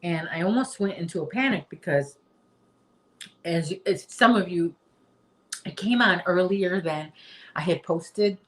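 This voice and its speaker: A woman hosts a relaxed livestream from her home and chats with viewers at an unhurried pace. Her voice sits a little low, and she reads comments aloud between her own stories. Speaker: livestream host. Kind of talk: casual livestream chat.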